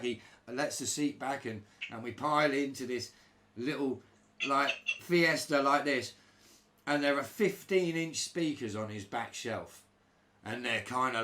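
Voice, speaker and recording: A man's voice: medium pitch, measured pace. A middle-aged man casually telling a road-trip anecdote, acting out other people's voices. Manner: animated, acts out broken-English voices of others. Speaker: storyteller recalling touring life.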